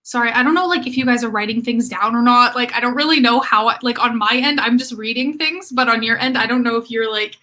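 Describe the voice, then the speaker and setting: A woman's voice: a little high, fast talker, hardly any pauses, bright, forceful tone. Chatty young woman teaching a livestream. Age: young adult. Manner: chatty and rambling, many fillers like "like" and "um"; reads comments aloud and answers viewers. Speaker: livestream study host. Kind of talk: casual livestream lesson.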